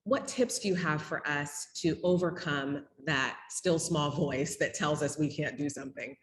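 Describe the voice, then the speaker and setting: Low-voiced woman interviewer, echoey room. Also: normal speed. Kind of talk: virtual panel interview. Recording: echoey room with faint noise.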